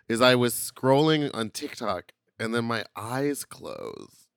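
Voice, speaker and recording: Bright, lively male podcast host. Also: mid-range voice, moderate pace, clean tone, no echo, studio quality. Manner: playful, jokey, animated storytelling. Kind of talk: casual chat.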